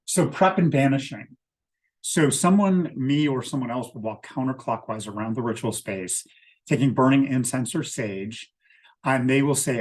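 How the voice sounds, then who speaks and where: A man with a voice of ordinary pitch, walking listeners through a ritual one step at a time. His delivery is steady and methodical. He sounds like a leader preparing a group for a ceremony. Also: normal speed. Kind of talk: explaining a ritual walkthrough.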